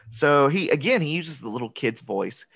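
This podcast co-host has a fairly high, gravelly, husky voice as he chats his way through a movie recap. He laughs a lot and acts out quotes in excited voices, captured in a dry, dull lo-fi recording.

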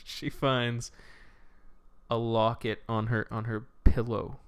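A man's voice: medium pitch, little pitch movement, takes it slowly, smooth. A man telling a long rambling story on a casual podcast, swearing freely and acting out the characters' lines as he goes. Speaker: podcast co-host.

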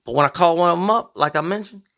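Gravelly-voiced man ranting on a podcast. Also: fast talker, a bit bright, muffled recording. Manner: profane and rambling, with big emphatic swings in pitch. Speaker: podcast host. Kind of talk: casual podcast monologue. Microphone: podcast microphone.

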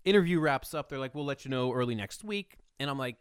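A man's voice: mid-range voice, expressive, quick pace, clean tone, dry recording, studio quality. A young man co-hosting a podcast in casual chat, speaking earnestly and often stumbling over and repeating words. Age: young adult. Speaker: podcast co-host.

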